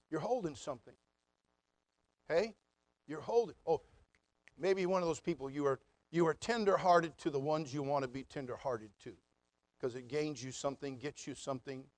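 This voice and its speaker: High-voiced, folksy preaching man. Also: normal speed, no echo. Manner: folksy, animated preaching with mock voices and asides. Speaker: pastor. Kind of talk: sermon.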